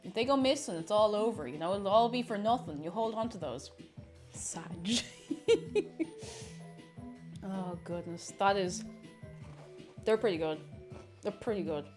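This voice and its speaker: A woman's voice: mid-range voice, animated, a little slow, pauses often, a little mellow. A young woman chatting casually on a live stream, reading chat aloud and talking with her mouth full. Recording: faint music behind.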